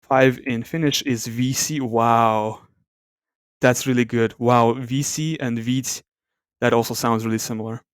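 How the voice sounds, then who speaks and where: A man hosting an ASMR language comparison, speaking softly, thinking aloud and correcting himself as he goes. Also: mid-range voice, steady tone, measured pace, clear, resonant tone, no echo, studio quality. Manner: soft-spoken, reluctant to talk aloud. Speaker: language video host.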